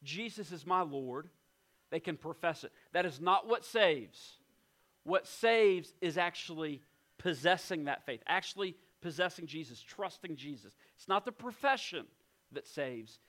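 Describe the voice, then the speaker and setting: A man preaching a sermon as pastor, emphatic, slowing down and dropping to a hush on key points. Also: a little high, animated. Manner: emphatic, slows down and drops to a hush for weight. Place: church in West Virginia.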